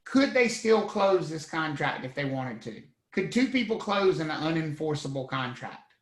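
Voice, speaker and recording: A man's voice: on the high side, normal speed, reverberant, rough recording. A man teaching a real estate class, quizzing students and acting out courtroom scenes. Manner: lively, asks the class questions, acts out scenes. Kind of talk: live online class lecture.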